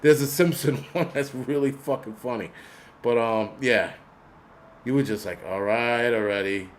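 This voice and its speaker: A man's voice: mid-range voice, unhurried, a little hiss or hum. A man hosting his own channel, ranting casually with heavy swearing and frequent laughter. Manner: profane, animated, laughs often. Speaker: channel host. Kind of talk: casual unscripted rant.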